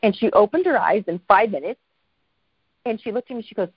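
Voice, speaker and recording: A woman guest telling a story in a casual interview, lively and self-deprecating, acting out the voices of people she quotes. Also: medium pitch, a little fast, husky, no room sound, dull audio.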